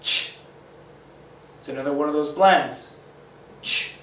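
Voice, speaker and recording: Male teacher for a kids' phonics lesson, slow and encouraging, a bit high, echoey room. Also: a bit bright, slight background noise. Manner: slow, encouraging, sounds out letters. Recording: echoey room, mic at a distance.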